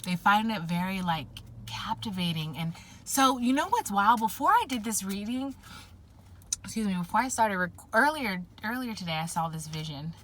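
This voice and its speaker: A woman doing a casual tarot reading with a bright, clear voice. She rambles, circling back with fillers and restarts as visions come to her. Her pitch sits in an ordinary middle range. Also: animated, normal speed, slight background noise. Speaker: tarot reader.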